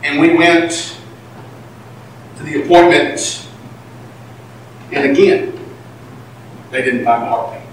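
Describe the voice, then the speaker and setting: A male pastor preaching, swinging between shouted emphasis and hushed confession. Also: on the high side, slow, long pauses, slight background noise. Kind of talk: sermon. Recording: echoey hall from far off.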